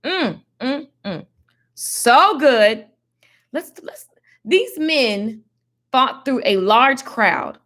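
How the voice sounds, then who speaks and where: A woman giving casual Bible teaching in a slangy, animated, preachy way. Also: high-pitched, drawn-out words. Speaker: faith teacher.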